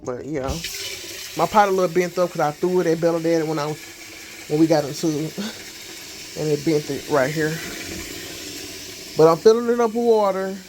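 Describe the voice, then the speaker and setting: A man vlogging casually from his home kitchen on a handheld phone, thinking out loud as he cooks. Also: on the high side, fairly quick, pauses often, noisy background. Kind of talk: casual chat while cooking.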